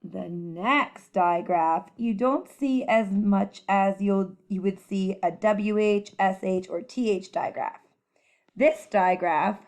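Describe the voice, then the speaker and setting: A woman teacher giving a children's phonics lesson, speaking clearly and encouragingly as she models letter sounds. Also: medium pitch, slow pace, darkish tone.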